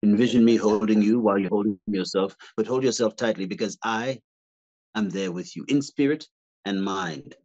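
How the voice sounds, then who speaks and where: A smooth seductive pitchman purrs slow lines in a deep, breathy croon, as a man acts him out. The recording is dull and lo-fi. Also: expressive, a little mellow.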